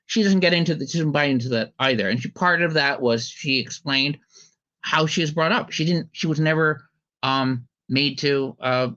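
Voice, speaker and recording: A man's voice: fairly high pitch, normal speed, sharp tone. A man hosting a casual podcast commentary chat, rambling with many ums and restarts. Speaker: podcast host. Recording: slightly dull lo-fi audio.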